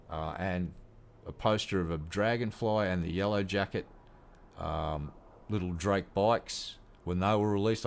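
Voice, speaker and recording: A man's voice: sits low, slight background noise. An Australian man in his fifties ranting bluntly to camera on a gaming vlog, swearing heavily. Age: 50s. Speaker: gaming vlogger. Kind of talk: casual rant to camera.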